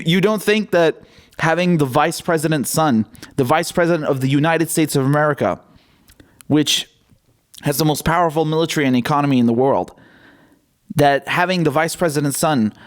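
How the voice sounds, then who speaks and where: Indignant male political commentator. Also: a little high. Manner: indignant, blunt, swears.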